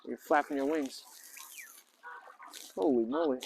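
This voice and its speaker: At a lakeside park, a vlogger who also teaches English narrates casually at normal speed with lively intonation and a slightly mellow voice. He's playful and chatty, repeatedly greeting the birds in a raised, high voice. The recording is low-quality, and faint honking from geese and ducks sits behind him.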